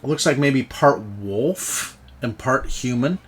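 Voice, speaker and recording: A man serving as game master, describing the scene in a loose, chatty voice at an ordinary pitch. He laughs often and restarts his sentences as he goes. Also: takes it slowly, breathy edge. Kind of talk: narrating a tabletop game.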